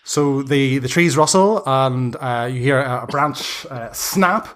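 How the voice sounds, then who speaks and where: Guy running a tabletop game, describes stuff slowly, lots of ums and restarts. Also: medium pitch, a bit bright. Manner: halting, many ums and restarts. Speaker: game master.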